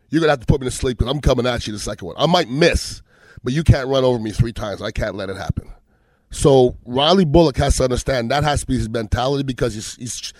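Recorded with no room sound, this medium-pitched middle-aged man, once a football player, casually recounts stories about matches and fellow players. He's an animated storyteller who performs the quoted lines himself.

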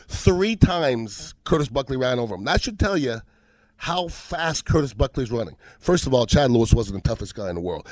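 A man's voice: mid-range voice, normal speed, dry recording. A middle-aged man, a former football player, telling casual stories about games and players, acting out the dialogue. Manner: animated storyteller, acts out quoted dialogue. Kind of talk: casual storytelling on sports.

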